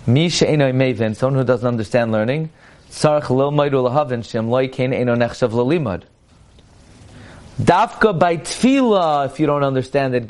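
Male Torah teacher, lively lecture delivery. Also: mid-range voice. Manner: animated lecturing, mixing English with Hebrew and Yiddish-accented quotes.

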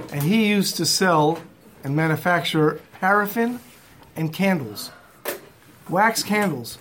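A man's voice: high-pitched, fairly bright tone, slight background noise. A man teaching a Torah class in English mixed with Hebrew terms, telling a story and acting out its quotes.

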